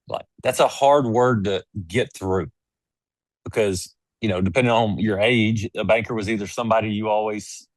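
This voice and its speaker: A man's voice: fairly low pitch, no room sound. A man speaking as a guest in an interview, making his points with emphatic, preachy storytelling. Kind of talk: casual interview conversation.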